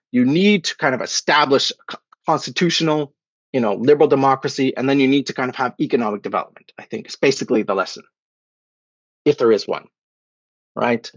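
A man's voice: fairly high pitch, husky, no echo. A man giving an academic lecture over a video call, checking in with "okay?" and "right?" after each point. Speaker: guest lecturer. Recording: dry, dull lo-fi call audio.

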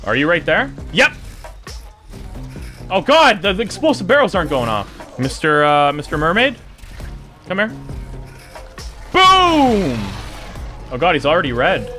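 A young man giving let's play commentary, excitable and taunting the enemies on screen. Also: a little high. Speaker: gaming YouTuber.

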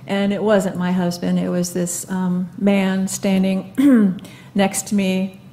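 A woman in her seventies speaking onstage at a live event, telling her own story in an earnest, halting way with many fillers and restarts. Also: medium pitch, level tone, warm tone, slight background noise. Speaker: guest speaker. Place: live event stage before an audience.

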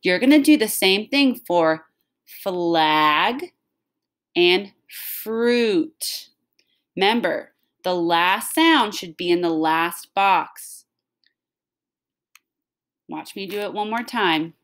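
A woman's voice: fairly low pitch, expressive, very slow, pauses often, a bit bright. A woman teaching a recorded phonics lesson to young children, talking patiently and stretching out the sounds of words.

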